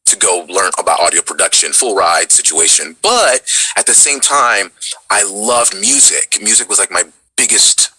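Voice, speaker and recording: Deep, husky man in his twenties. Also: moderate pace, dry recording, poor audio. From Dallas, Texas. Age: 20s. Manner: relaxed, chatty, lively storyteller. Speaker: voice actor guest. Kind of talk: casual interview storytelling.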